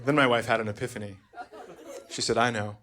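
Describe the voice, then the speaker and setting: A man's voice: medium pitch, fairly even intonation, fairly quick, crowd noise. A middle-aged man doing a stand-up comedy set, telling dry stories that break into exasperated outbursts.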